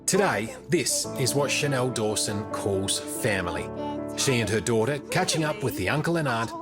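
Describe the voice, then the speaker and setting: Australian male reporter, animated narration. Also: mid-range voice. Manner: measured and grave. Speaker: reporter narrating a current affairs story. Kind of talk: scripted news narration. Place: voice-over studio. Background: loud music bed.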